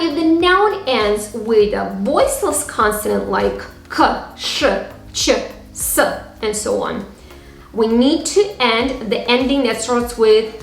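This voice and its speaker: A woman's voice: a little high, creaky. A woman from Tatarstan, teaching a phrasebook lesson and repeating each example sound by sound. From Tatarstan, Russia. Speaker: language teacher. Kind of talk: slow, careful phrasebook lesson. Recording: echoey room with faint music.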